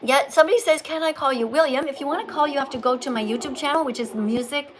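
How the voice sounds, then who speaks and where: A woman's voice: sits high, quick pace, crowd noise, low-quality recording. A woman hosting a livestream with callers, lecturing in a preachy, scolding teacher tone. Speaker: livestream host.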